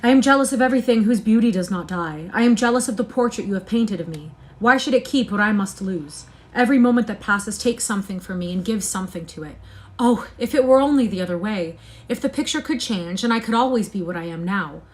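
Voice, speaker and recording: A woman's voice: mid-range voice, fairly quick, close to an everyday voice. A woman reading aloud, voicing a vain young man who pleads in anguish with impassioned, rising cries. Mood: despairing.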